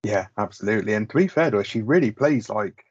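Male podcast co-host, rapid, loose and sweary, low voice, muffled dry recording. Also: expressive, slightly rough, dry recording. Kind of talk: casual chat about a sitcom. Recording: slightly muffled lo-fi audio.

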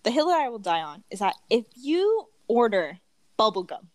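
A woman's voice: on the high side, sing-song, normal speed, a little mellow, no room sound. Chatty young woman telling work stories. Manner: chatty storyteller, acts out customers in quotes, many "like" fillers. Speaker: podcast co-host. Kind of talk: casual chat.

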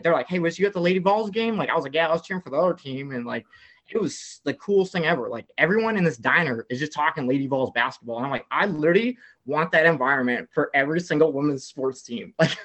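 A young man from the American South telling an excited story in casual chat, filling his talk with "like" and acting out what people said. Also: fairly high pitch, fast. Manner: excitable storyteller, heavy "like" filler, acts out quotes. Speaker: guest telling a travel story.

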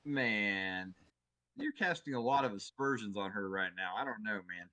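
A man's voice: lowish voice, normal speed, low-quality recording. A man co-hosting a comedy podcast, chatting casually with swearing and mock outrage. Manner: animated, profane, mock-outraged. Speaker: podcast co-host.

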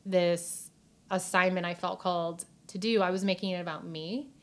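A woman's voice: fairly low pitch, steady tone, moderate pace. A woman talking earnestly about her faith in a casual podcast chat, with many "like" fillers, at times near tears. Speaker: podcast guest.

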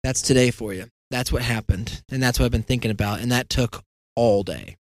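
A man's voice: mid-range voice, a little fast. A man hosting a podcast, telling a long meandering story in a casual, self-deprecating way and acting out the conversations he recounts. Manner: meandering, self-deprecating, acts out quoted dialogue. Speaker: podcast host. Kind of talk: casual rambling monologue.

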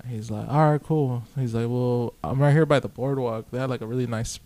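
A man's voice: medium pitch, fairly even intonation, a little fast, mellow. A young man casually telling a long story on a podcast, profane and laid-back, acting out both sides of the conversation. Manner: profane, laid-back, quotes himself a lot. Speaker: podcast guest.

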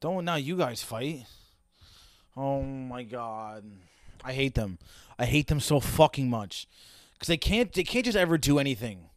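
A man's voice: medium pitch, animated, measured pace, dry recording, clean studio sound. A young man giving casual reaction commentary, swearing and wisecracking as he rants. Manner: profane, wisecracking, ranting. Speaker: reaction video host.

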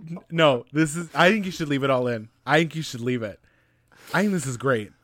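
A man's voice: medium pitch, fairly quick, fairly bright tone, no echo. A man in his late twenties co-hosting a casual podcast, giddy and joking, swearing a lot. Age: 20s. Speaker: podcast co-host.

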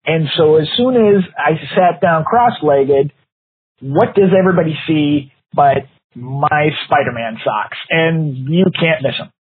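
A man in his fifties co-hosts a podcast, rambling through a long story in casual chat with plenty of fillers and frequent laughs. His voice is fairly high, measured in pace and breathy, with no echo, though the audio sounds tinny and phone-like.

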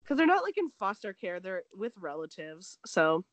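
A woman co-hosts a casual gossip chat, animatedly retelling a story with heavy use of "like" and acting out the quotes, and she mentions she is sick. Her mid-range voice moves at normal speed in a dry recording with the highs cut off.

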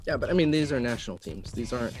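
A young man in casual chat, measured and hedging, with lots of ums and you-knows. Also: medium pitch, expressive, a little mellow, soft background music.

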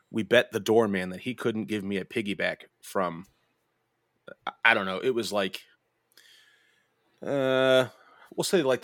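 A man's voice: on the low side, fairly bright tone, no echo, studio quality. Profane, rambling young male podcast host. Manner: rambling, profane, laughing, restarts often. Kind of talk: casual storytelling chat.

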